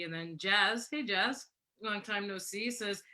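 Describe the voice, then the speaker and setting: A woman in her forties hosting a casual live chat, chatty and animated, laughing often and acting out quotes. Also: medium pitch, measured pace. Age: 40s. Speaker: host.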